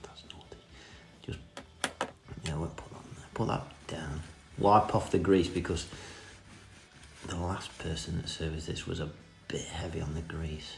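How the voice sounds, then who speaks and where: A man's voice: low-pitched, steady tone, normal speed, gravelly, whispered. A man giving a cheeky, self-mocking running commentary in a casual hands-on repair tutorial. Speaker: vintage reel restorer. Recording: echoey room with music behind.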